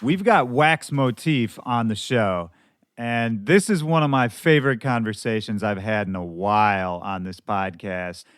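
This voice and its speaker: Hoarse male podcast host. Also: mid-range voice, no echo, clean studio sound. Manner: candid, loose and conversational, with some swearing. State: hoarse from shouting at a show. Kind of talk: casual podcast monologue.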